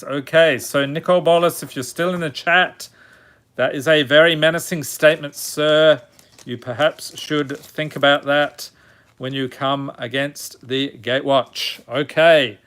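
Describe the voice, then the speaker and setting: A man with a slightly high voice talks slowly through a card pack opening. He lists each card in turn and drops dry, self-mocking jokes along the way. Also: fairly bright tone. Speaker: channel host opening card packs. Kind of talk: casual pack-opening commentary.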